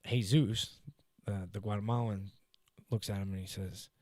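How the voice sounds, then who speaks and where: A man hosting a podcast, telling a work story in casual chat, swearing freely and getting loud when he mimics coworkers. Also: lowish voice, steady tone, normal speed, no echo, studio quality. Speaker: podcast host. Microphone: studio podcast mic.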